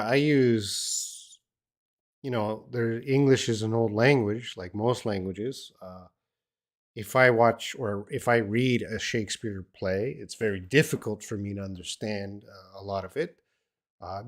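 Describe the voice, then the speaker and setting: Older Australian man teaching English, low voice. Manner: relaxed, rambling, with frequent fillers and restarts. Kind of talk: live-stream English lesson answering chat questions.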